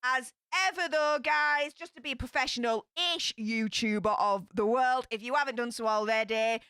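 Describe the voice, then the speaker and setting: A woman's voice: on the high side, pushed and bright, clean tone, no room sound, clean studio sound. A woman in her thirties with a Yorkshire accent, hosting a casual livestream and greeting viewers in a sassy, chatty way. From Yorkshire, England. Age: 30s. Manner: sassy, chatty, quick greetings with northern slang. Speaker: livestream host.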